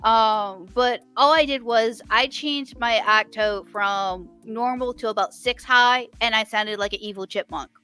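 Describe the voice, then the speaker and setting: A woman's voice: on the high side, a little slow, few pauses, bright, forceful tone, clean tone, soft background music. A woman chatting casually about her writing on a live stream, rambling with many restarts. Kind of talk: casual chat.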